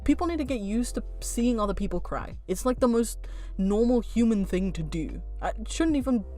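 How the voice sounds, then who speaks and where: A woman's voice: a little high, moderate pace, soft background music. A woman vlogger talking to camera in a frank, heated rant, swearing freely and laughing at herself. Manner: blunt, swearing, frank rants; heated, animated. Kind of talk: casual chat to camera.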